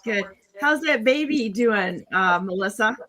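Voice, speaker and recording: Bright-voiced woman hosting a talk show. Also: medium pitch, expressive, unhurried. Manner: chatty, with many fillers and restarts. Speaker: show host. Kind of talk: casual online talk show.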